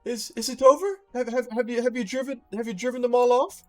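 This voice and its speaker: A man's voice: very high-pitched, fairly even intonation, fast, soft background music, voice pushed up. A man voicing a flustered, dainty noblewoman who stammers and repeats her words. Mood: anxious.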